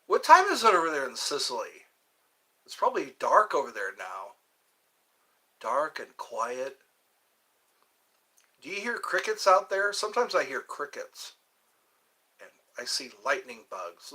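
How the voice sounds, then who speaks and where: Bright, lively, slow-talking man streamer. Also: on the high side, slightly rough. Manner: rambling, playful, chatting with viewers. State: a little tired. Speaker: live stream host. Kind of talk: casual live-stream chat.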